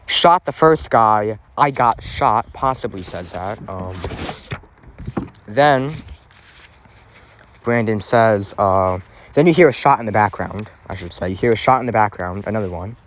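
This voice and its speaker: A man's voice: lowish voice, a little slow, long pauses, a little hiss or hum. A man hosting a casual true crime podcast, talking in a rambling way with lots of fillers and restarts.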